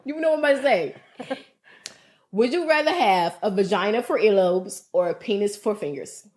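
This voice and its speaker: A woman's voice: medium pitch, lively intonation, normal speed, darkish tone, a little hiss or hum. A woman co-hosting a podcast, telling her side insistently in casual chat. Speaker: podcast co-host.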